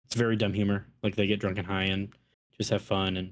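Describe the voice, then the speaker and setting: A man's voice: on the low side, level tone, fast. A man with a Minnesota accent telling stories and chatting casually on a podcast, profane and laid-back. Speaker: podcast co-host. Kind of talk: casual chat.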